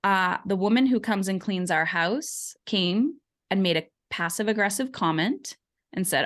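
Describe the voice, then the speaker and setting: Animated woman telling a story. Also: medium pitch, measured pace. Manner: animated storyteller, acts out quoted voices. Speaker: podcast guest. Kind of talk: conversational interview.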